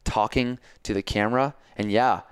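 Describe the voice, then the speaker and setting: A man hosting a casual podcast chat, coaching and telling stories in an animated way, acting out his own self-talk. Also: lowish voice, brisk, clear, resonant tone, dry recording, studio quality. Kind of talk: casual conversation.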